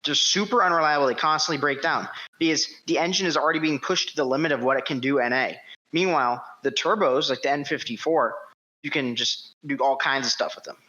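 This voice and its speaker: Man, blunt, teasing, swears, bright edgy voice, casual podcast. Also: fairly high pitch, a little fast, lo-fi sound.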